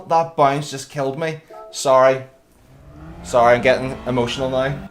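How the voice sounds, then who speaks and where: A man livestreaming a racing game, giving excitable, self-critical commentary while greeting viewers. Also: medium pitch, moderate pace. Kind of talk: live gameplay commentary. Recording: noisy stream audio with car engines. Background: racing game engine sounds.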